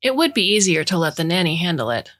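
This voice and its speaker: A woman narrating a short story in a measured, even way. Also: on the low side.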